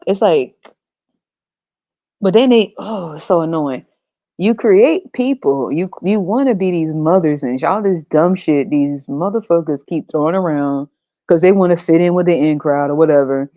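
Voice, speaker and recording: Woman podcast host ranting, lots of swearing, low mellow voice, dull lo-fi sound. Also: moderate pace, no echo. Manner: blunt, profane, ranting.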